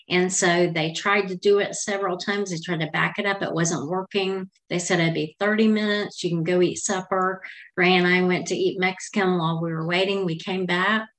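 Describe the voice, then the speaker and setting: A woman's voice: lowish voice, fairly bright tone. A middle-aged woman hosting a podcast and telling a personal story in a chatty, meandering, heartfelt way. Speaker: podcast host.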